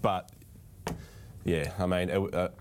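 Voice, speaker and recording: A man's voice: sits low, fairly even intonation, takes it slowly, a little hiss or hum. A man co-hosting a sports podcast, a bit nasal and coughy after being ill, chatty and stumbling over his words. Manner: chatty, laughing, full of stumbles and repeats. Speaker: podcast co-host. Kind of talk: casual sports podcast chat.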